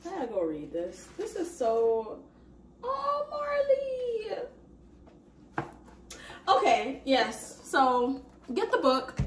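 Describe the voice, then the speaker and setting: A woman's voice: high-pitched, sing-song, a little slow, a little hiss or hum. Chatty woman, echoey room, distant mic. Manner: chatty, exclamatory, addresses viewers as y'all. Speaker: vlogger hosting an unboxing. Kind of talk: casual chat to viewers. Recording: roomy echo, mic at a distance.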